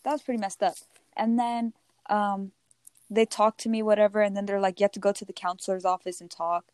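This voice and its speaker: A teenage girl telling a story in casual chat, animated and often laughing as she quotes others. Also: medium pitch, brisk. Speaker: podcast co-host.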